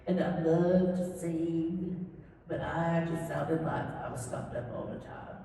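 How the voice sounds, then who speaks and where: A middle-aged voice actor from Southern California, USA, tells stories and jokes with fans at a convention Q&A panel, chatty, animated, and self-deprecating. Her low voice is slow and creaky, heard from far off in an echoey hall with slight background noise.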